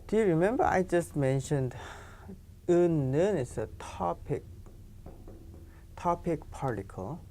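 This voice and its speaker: A woman's voice: deep voice, lively intonation, moderate pace, pauses often, warm tone. A woman teaching a grammar lesson, explaining patiently and often saying "you know". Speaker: Korean language teacher.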